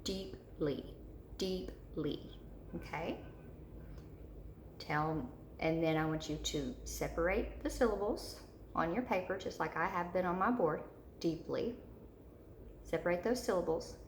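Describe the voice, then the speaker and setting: A woman teaching a third-grade spelling lesson, patiently repeating each word slowly for young children. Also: fairly low pitch, animated. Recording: echoey room with faint noise.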